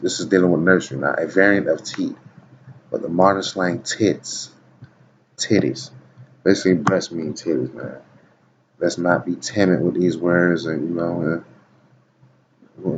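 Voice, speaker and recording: A man reading dictionary entries aloud in a casual video, stopping often to tell the listener to watch and keep listening. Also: deep voice. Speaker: video blogger. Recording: dull lo-fi recording with faint background noise.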